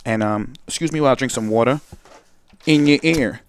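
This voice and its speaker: A young man from Brooklyn, hosting a casual software tutorial, rambling and digressing, often restarting sentences and talking straight to viewers. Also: medium pitch, fairly quick, a little hiss or hum. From Brooklyn, New York. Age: young adult. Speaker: host and video editing tutor.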